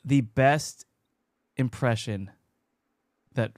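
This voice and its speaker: A man from the USA hosting a casual podcast chat, upbeat and jokey, often trailing off quietly at the ends of his sentences. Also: medium pitch, drawn-out words, no echo, clean studio sound. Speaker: podcast host. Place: home studio, Long Beach, California. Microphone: podcast mic.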